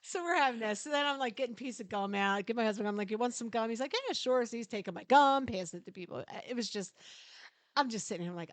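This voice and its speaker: A middle-aged woman co-hosting a podcast, telling a long story in casual chat, animated, laughing often and swearing freely. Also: a little high, fast talker, no room sound. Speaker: podcast co-host.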